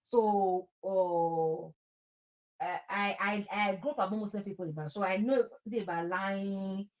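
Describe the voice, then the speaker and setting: A Nigerian woman with a stammer, hosting an online show and mixing Nigerian Pidgin into a casual monologue. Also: medium pitch. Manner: stammering, mixes Nigerian Pidgin and Yoruba, often rushes. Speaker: host.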